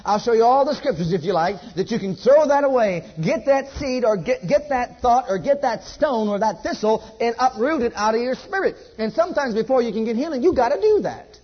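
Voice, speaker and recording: A man preaching a sermon at a church service. He repeats his exhortations emphatically and drops to a hush. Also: very high-pitched, animated, a little fast, hardly any pauses, breathy edge, lo-fi sound.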